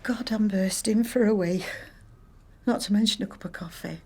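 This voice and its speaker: A woman's voice: medium pitch, normal speed, a little mellow, slightly rough. An actress playing a chatty, wry woman in her sixties, rambling to herself with dry humour while she waits on a phone call. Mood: wry musing. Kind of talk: film monologue acting.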